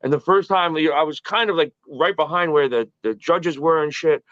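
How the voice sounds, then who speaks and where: A man in his early forties tells stories with a slightly high pitch, swearing freely and tripping over repeated words. The audio is dull and lo-fi, and the sound is dry. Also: a little fast, a bit bright, no echo. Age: early 40s. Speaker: guest. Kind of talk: casual podcast chat.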